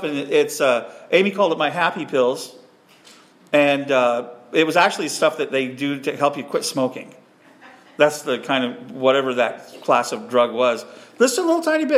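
A middle-aged man preaching a sermon, lively and self-deprecating, acting out the voices he quotes. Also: high voice, echoey room. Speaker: pastor.

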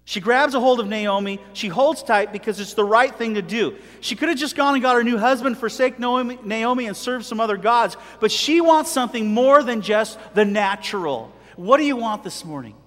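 A middle-aged man preaching a sermon with animated delivery, telling stories and acting out voices. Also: extremely high pitch, moderate pace, hardly any pauses, long reverb tail. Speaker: pastor.

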